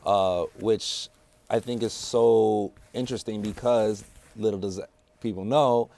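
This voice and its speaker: Laid back guy hosting a podcast, rambly questions with lots of "like", lowish voice. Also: unhurried, creaky. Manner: relaxed, rambling, heavy use of "like". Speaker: podcast host. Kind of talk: casual chat.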